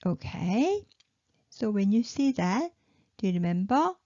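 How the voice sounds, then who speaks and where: A woman with a Korean accent teaching a language lesson, speaking slowly and patiently and repeating words for practice. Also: mid-range voice, very animated, warm tone, dry recording, lo-fi sound.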